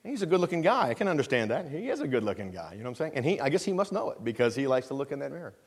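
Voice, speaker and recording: A middle-aged man preaching a conversational sermon in a church, often checking in with the congregation and slowing down to stress scripture. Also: medium pitch, big pitch swings, husky. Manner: conversational preaching with frequent call-and-response checks; slows down to stress scripture phrases. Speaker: pastor. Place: church sanctuary.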